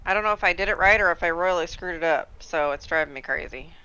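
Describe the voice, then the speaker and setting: A man chatting casually over a voice call, telling an animated, fretful story. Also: fairly high pitch, fast talker, clear, resonant tone, dry recording, highs cut off. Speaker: gaming stream crew member. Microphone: voice call headset.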